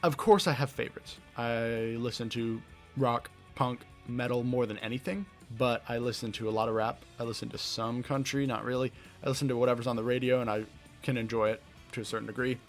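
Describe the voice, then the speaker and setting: A young man with a light Southern American accent, answering rapid-fire questions on his own podcast, rambling and laughing at himself. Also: mid-range voice, steady tone, soft background music. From Southeastern United States. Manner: rambling, self-deprecating, laughs often. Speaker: podcast host. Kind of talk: casual Q&A monologue. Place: his bedroom.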